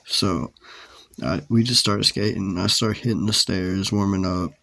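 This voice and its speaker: A man's voice: sits low, fairly even intonation, measured pace, creaky, bright, forceful tone, dry recording. A man telling a story from his own life in a casual, rambling, profane way, with many "like" fillers.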